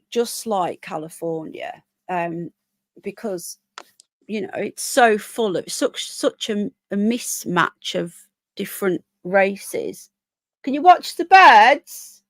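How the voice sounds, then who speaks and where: A British woman with a medium-pitched voice hosts a casual live stream with no room sound. She chats at length, rambling, and reads results and figures aloud with lots of fillers.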